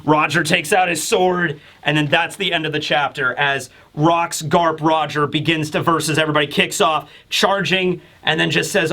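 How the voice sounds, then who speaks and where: Excitable, bright-voiced male manga reviewer. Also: fairly high pitch, normal speed, hardly any pauses. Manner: excitable, rambling, swears casually. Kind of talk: casual chapter review.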